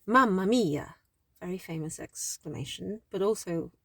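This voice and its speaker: A woman's voice: on the low side, lively intonation, a little slow, fairly bright tone, dry recording. A woman language teacher giving a casual lesson, explaining step by step in a chatty way with apologetic asides.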